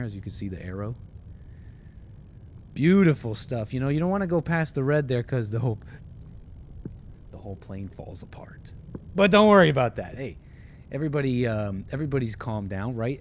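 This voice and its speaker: A man's voice: mid-range voice, brisk, darkish tone, slight background noise. A man hosting a livestream, reading viewer messages aloud and joking his way through a mock airline-pilot bit in casual, playful banter. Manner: playful, mock-announcer patter.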